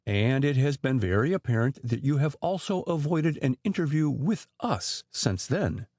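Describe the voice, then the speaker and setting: A man's voice: medium pitch, animated, normal speed, darkish tone, no room sound, close to an everyday voice. A man reading the part of a grim, persistent police inspector who questions in a dry, probing way.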